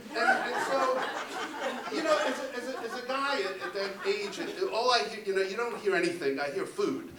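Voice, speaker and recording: A man in his fifties doing a stand-up set, halting and full of ums and repeated words, recorded in a club with audience laughter. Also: high voice, animated. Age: 50s. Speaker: stand-up comedian. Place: comedy club stage. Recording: roomy club sound from a distance with loud crowd.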